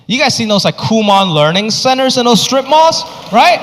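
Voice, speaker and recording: Male stand-up comic, high-pitched, punchy anecdotal delivery, reverberant noisy venue. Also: big pitch swings, normal speed, fairly bright tone. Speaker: stand-up comedian. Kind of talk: stand-up comedy storytelling. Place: comedy stage. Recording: reverberant venue with background noise.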